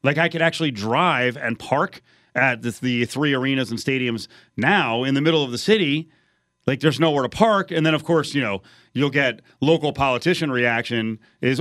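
A man hosting a sports talk radio show, animated and chatty, getting loud when excited. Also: a little high, fairly quick, no room sound, studio quality.

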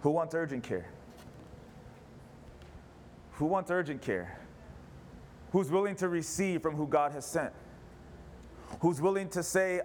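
A man's voice: a little high, animated, unhurried, long pauses, a little mellow, a little hiss or hum. A pastor preaching a sermon in church, an impassioned man who fires off rhetorical questions. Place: church service.

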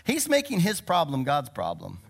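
A man's voice: a little high, wildly swooping pitch, normal speed, vocal fry, breathy edge. A middle-aged male pastor preaching a sermon, with emphatic declarations and laughs in between.

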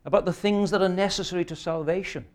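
Earnest man preaching, slightly high voice. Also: steady tone, fast, darkish tone. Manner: earnest, emphatic preaching with rhetorical questions. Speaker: pastor. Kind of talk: sermon.

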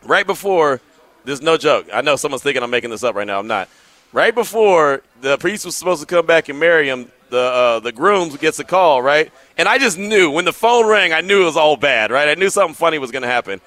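Fast, bright-voiced male radio host. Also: a little high, no room sound. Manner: animated storytelling, drawling slang. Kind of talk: casual sports radio talk. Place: broadcasting live from a sports bar.

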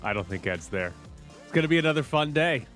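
A man's voice: a little high, fast, soft background music. A man hosting a sports radio show, talking casually and running through statistics with animation. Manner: animated, laughing, stats-heavy.

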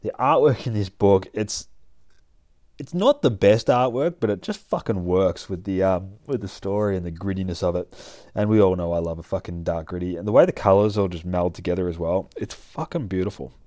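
A man's voice: sits low, a little fast, warm tone, dry recording, studio quality. A young man casually recapping and reviewing a comic book, rambling and profane. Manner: loose, profane, rambling storytelling.

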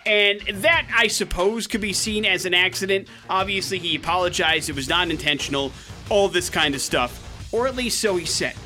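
A man hosting a radio show, telling news stories as a lively storyteller with joking asides. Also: sits high, normal speed, soft background music. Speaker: radio host. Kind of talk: casual radio banter. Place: radio studio.

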